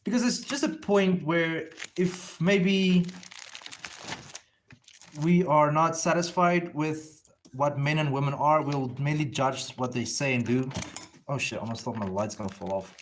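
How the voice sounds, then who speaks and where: A man with a somewhat high voice chats to his viewers while inking comic pages. He thinks out loud, drifts between topics and swears freely, never breaking from the drawing. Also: unhurried, a little hiss or hum. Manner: loose, profane, thinks aloud and answers viewers. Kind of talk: casual rambling livestream chat.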